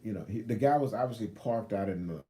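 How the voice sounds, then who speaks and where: A man's voice: fairly low pitch, fast talker, dark tone. A man in his fifties, a truck driver, telling a rambling story on a live stream and backing up to restart often. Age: 50s. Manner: rambling, backtracks and restarts, acts out both sides of a story.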